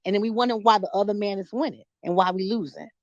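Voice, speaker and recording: A woman's voice: mid-range voice, fast, dry recording. A middle-aged woman from New York City holds forth on a lo-fi online call, the sound dull and close with no room around it. She talks in a heated, blunt, profane way, stumbling into restarts as she pushes her point. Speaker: caller in an audio chat room. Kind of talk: emotional impromptu rant.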